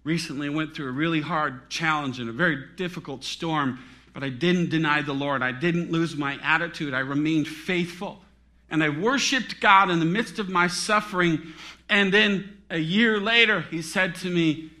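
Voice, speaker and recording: A middle-aged male pastor preaching a sermon, swinging between loud dramatic peaks and hushed, near-whispered drops. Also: a little high, unhurried.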